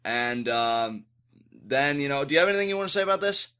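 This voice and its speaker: A man co-hosting a podcast, talking through a wrestling show in casual, animated chat. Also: mid-range voice, brisk, smooth. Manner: animated, acts out quotes in exaggerated voices. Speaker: podcast co-host.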